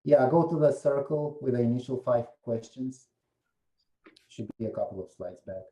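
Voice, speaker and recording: A man's voice: mid-range voice, expressive, moderate pace, mellow, echoey room, rough recording. A man giving a meetup presentation, explaining slides one by one and putting questions to the audience. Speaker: guest presenter.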